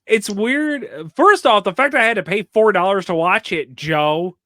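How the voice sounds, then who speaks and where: A man co-hosting a casual movie-review podcast, cracking deadpan jokes and murmuring agreement. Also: high-pitched, measured pace, no echo, studio quality. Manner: deadpan joker, agreeable backchannels. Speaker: podcast co-host.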